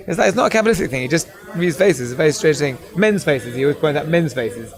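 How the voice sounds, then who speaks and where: Fast-talking chatty male host. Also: fairly high pitch, expressive. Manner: quick, chatty, rambling. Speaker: host of a fundraising broadcast. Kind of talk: casual live hosting.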